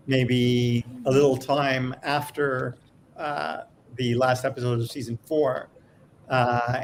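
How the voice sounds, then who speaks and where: Gravelly-voiced man, halting casual talk. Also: medium pitch, a little hiss or hum. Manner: hesitant, many restarts and fillers. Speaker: TV series creator, podcast guest. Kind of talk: casual panel chat.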